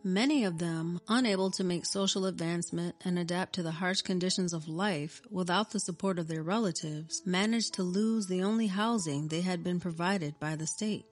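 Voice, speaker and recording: Low-voiced woman narrating a story. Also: moderate pace, few pauses. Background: faint music.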